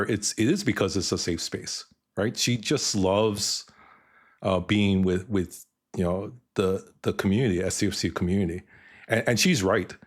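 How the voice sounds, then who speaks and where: Middle-aged man, stream host, lowish voice, halting and heartfelt. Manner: emotional, halting, repeats words. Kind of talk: casual stream chat.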